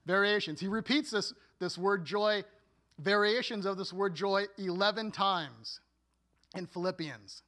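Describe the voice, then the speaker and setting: A man preaching a sermon as a pastor, earnest and deliberate, with playful asides. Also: high voice, pushed and bright.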